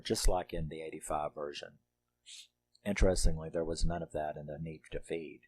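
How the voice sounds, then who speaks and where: A man's voice: sits low, a little mellow. A middle-aged man reviewing a horror movie in casual, rambling talk, laughing often and swearing freely.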